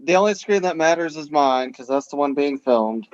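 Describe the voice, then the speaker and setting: A man's voice: a little high, animated, moderate pace, no room sound. Wisecracking male co-host, muffled lo-fi dry mic. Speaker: podcast co-host. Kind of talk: casual podcast banter.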